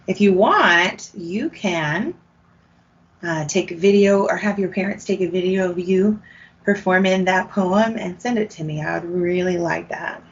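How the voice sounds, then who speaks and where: Slow, patient woman music teacher. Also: lowish voice, slightly rough, lo-fi sound. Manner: slow, patient, encouraging teacher talk with clapped rhythm syllables. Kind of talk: online music lesson for children.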